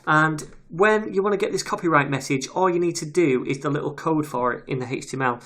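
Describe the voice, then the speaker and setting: A man's voice: a little high, brisk, pushed and bright. Chatty man narrating a coding screencast. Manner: casual, chatty, reads details aloud while typing. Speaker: web development tutor. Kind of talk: screen-recorded coding tutorial. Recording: audible keyboard typing noise. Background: keyboard clicks and typing.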